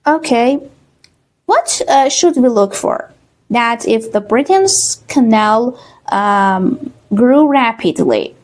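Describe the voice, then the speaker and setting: Slow, fairly high-voiced Persian-accented woman teacher. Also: animated, darkish tone. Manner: slow, many fillers, repeats words with "okay?". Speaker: English teacher. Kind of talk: online exam-prep lesson.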